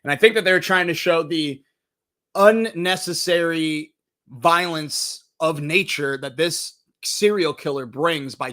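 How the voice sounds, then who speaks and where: A young man hosting a casual movie review stream, telling stories animatedly and swearing freely. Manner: animated storytelling, swears freely, jumps in pitch acting out quotes.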